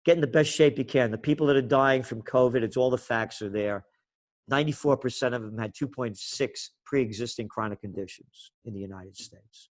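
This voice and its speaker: Speaking a little quickly in a medium-pitched voice, this man is a trends forecaster guesting on a podcast. His delivery is heated and sarcastic, a passionate rant throughout the interview.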